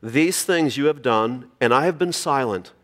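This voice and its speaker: A man's voice: medium pitch, expressive, moderate pace, fairly bright tone, in a large hall. A man preaching a sermon, reading scripture aloud and asking the congregation rhetorical questions. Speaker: pastor.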